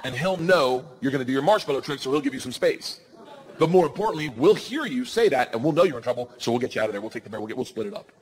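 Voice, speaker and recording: A man voicing a calm, confident male animal trainer giving earnest instructions. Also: mid-range voice, fast, close to an everyday voice. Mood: instructive.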